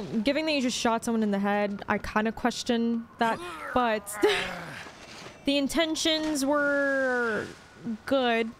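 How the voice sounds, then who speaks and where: A woman giving let's play commentary in an excitable, giggly way. Her voice is fairly high. Game sounds are heard behind her. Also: a little hiss or hum. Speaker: gaming channel host.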